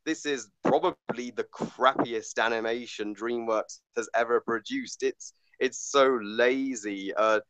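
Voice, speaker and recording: Halting, blunt man reviewing a movie. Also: medium pitch, fairly bright tone, dry recording, low-quality recording. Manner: halting, many fillers and restarts, blunt and swearing. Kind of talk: casual movie review chat.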